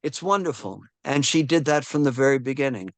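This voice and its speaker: A man's voice: mid-range voice, fairly quick, no room sound. A man in his seventies, a film historian giving an interview, telling stories animatedly, with frequent restarts and fillers. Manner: animated storyteller who acts out quoted voices. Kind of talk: casual interview storytelling.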